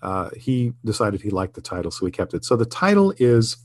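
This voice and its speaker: A man's voice: on the low side, big pitch swings, fairly quick. Earnest older man telling stories. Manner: reflective, earnest storytelling with frequent restarts and chuckles. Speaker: guest, TV writer and producer. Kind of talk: casual interview conversation.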